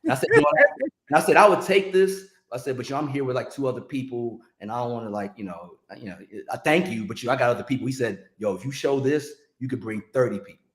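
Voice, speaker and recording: A middle-aged man tells an anecdote in a relaxed interview chat. He switches into voices to act out the people in the story. His voice carries a clear echo from the room. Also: medium pitch, quick pace. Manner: animated storyteller acting out quotes. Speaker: music industry guest telling stories.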